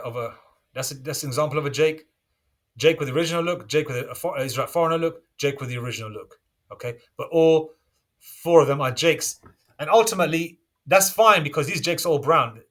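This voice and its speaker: A man with a fairly high voice delivers a preaching lecture, reading scripture aloud between points. He keeps checking in with his listeners, and his emphasis comes in sudden loud bursts. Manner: checks in with listeners constantly, asking "okay?" and "all right?". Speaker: religious teacher.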